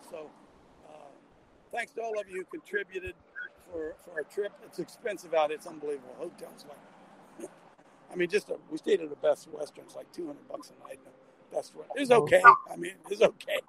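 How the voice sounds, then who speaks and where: A man's voice: sits high, gravelly, fairly bright tone, a little hiss or hum, poor audio. An older man hosting a casual call-in talk show, rambling and folksy with frequent restarts, talking from a vehicle.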